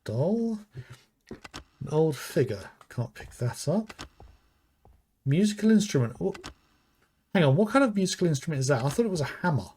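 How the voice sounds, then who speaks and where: Playing a horror game on stream, this British streamer talks slowly, musing to himself and reading item names under his breath. His voice runs fairly high with wide swings in pitch and a somewhat dark tone, over light background noise.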